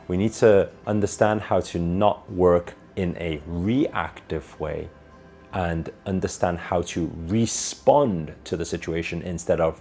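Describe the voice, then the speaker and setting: A man's voice: deep voice, a little mellow. A man who teaches spirituality, giving an earnest motivational talk with conversational asides.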